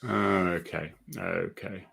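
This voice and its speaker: A man's voice: low voice, little pitch movement, extremely slow, gravelly, fairly bright tone, husky. A man hosting a casual live video chat, chatty and self-deprecating and laughing often. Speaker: host.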